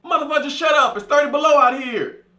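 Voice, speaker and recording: Speaking very high and fast, this man delivers a crude, comic monologue, doing voices for each character. He's a storyteller-comedian from California, full of energy, and the recording has a roomy feel.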